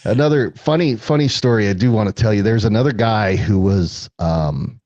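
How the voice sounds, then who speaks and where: A man's voice: on the low side, moderate pace, a little mellow, no echo, highs cut off. A man telling stories as a guest, chatty with many fillers and frequent laughs. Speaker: guest, former film extra. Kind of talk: casual storytelling.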